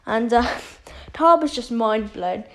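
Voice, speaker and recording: A woman's voice: fairly high pitch, expressive, takes it slowly, fairly bright tone, low-quality recording. A woman casually retelling a fan story, rambling with many fillers.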